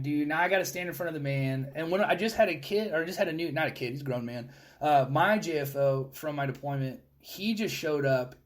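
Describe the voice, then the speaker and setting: A man who is a guest on a podcast, a Marine instructor, telling stories in a rambling, animated and heavily profane way, with frequent restarts. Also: on the high side. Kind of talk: casual storytelling chat.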